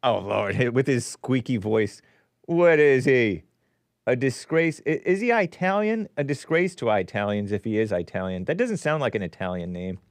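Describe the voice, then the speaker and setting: A man's voice: medium pitch, sing-song, moderate pace, no room sound, studio quality. Sarcastic male talk-show host. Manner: sarcastic, mocking asides. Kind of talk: live-stream commentary show.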